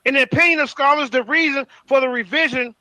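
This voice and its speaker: A man with a very high, bright voice argues in an online debate, combative and quick. He often slips into reading from his notes, and his audio sounds dry and close. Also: fairly even intonation, no room sound, rough recording. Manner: rapid, combative, reads from notes.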